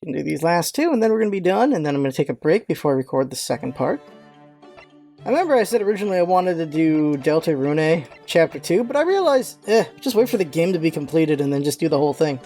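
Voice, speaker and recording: A woman hosting a casual game voice-through, reading scenes and joking in an animated, exasperated way. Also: low-pitched, fast talker, soft background music. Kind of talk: casual let's-play commentary and reading.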